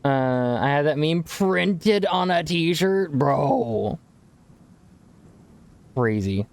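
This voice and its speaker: A man's voice: on the high side, expressive, very slow, gravelly. Laid-back young man streaming games. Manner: rambling, laid-back, swears casually, says bro often. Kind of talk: casual live-stream chat while gaming.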